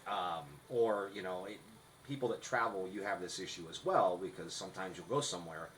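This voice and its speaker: Low-voiced man teaching acting craft. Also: brisk, a bit bright, slight background noise, poor audio. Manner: instructive, restarts often. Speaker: podcast co-host. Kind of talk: casual podcast chat.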